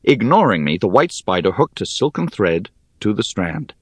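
A man reading a fantasy novel aloud in the first person, measured and expressive. His pitch moves freely through each sentence, and the sound is dry and close with no room around it. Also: husky, dry recording. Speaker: audiobook narrator. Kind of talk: first-person audiobook narration.

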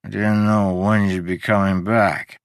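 A man voicing a drunk, gruff, boastful man in an audiobook, loud and blustering with a slurring delivery. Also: lowish voice, little pitch movement, measured pace, no room sound, clean studio sound. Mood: drunken. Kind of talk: audiobook character reading.

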